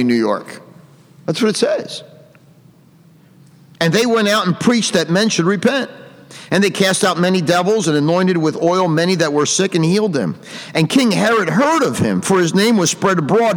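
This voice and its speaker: A man delivers a sermon, his fairly high voice carrying through a hall with long reverb. He reads King James scripture aloud, then breaks off to drive the point home with emphatic commentary. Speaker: preacher.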